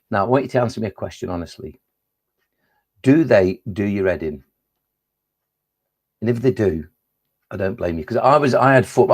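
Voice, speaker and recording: A man's voice: lowish voice, creaky, darkish tone. A man performing his poems for schoolchildren in a live online session, playful and chatty, with frequent restarts. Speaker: children's poet.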